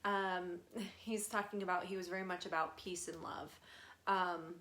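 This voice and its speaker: A young woman medium talks through a live channeling session in a slightly low voice. Her speech is casual and rambling, dotted with fillers and small laughs as she passes along messages. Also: steady tone, a little slow, fairly bright tone. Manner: relays messages in a chatty, giggly way with many fillers. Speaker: spirit medium.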